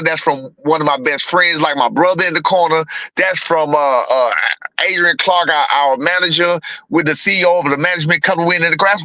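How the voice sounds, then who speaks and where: A man's voice: on the high side, sharp tone, no room sound, low-quality recording. A middle-aged man, a boxing trainer, talking bluntly in a casual interview, repeating himself and swearing freely.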